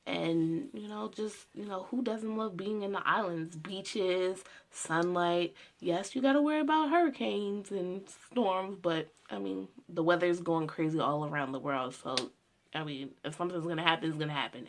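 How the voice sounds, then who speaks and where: A young woman in her twenties talks casually about her plans, her voice low for a woman. She has a gravelly, fry-laden edge and wanders along with loose filler phrases. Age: 20s. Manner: rambling, heavy on "you know" fillers. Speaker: student making a personal video. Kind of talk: casual personal monologue.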